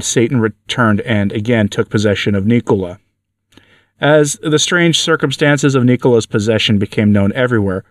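A man narrating a religious account in a measured, solemn reading style. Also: mid-range voice, no room sound, studio quality. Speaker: podcast reader. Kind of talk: scripted narration of a religious story.

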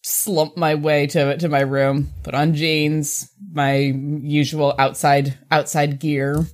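A woman's voice: low-pitched, level tone, slow pace. A woman in a tabletop role-playing game, casually narrating her character's actions with a rambling delivery. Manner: casual, rambling, with filler likes. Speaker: tabletop player.

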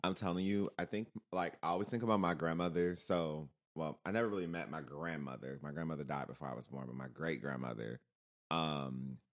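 A man's voice: extremely low pitch, fairly quick. A man in casual conversation, telling family stories and acting out the voices of the people he quotes. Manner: animated storyteller who acts out quoted relatives. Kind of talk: casual chat.

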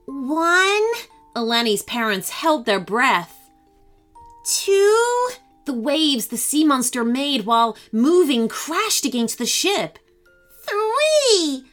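A woman's voice: high-pitched, sing-song, takes it slowly, fairly bright tone, faint music behind, voice pushed up, exaggerated voice. Woman voicing a brave little fairy girl. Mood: tense. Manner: eager, pleading.

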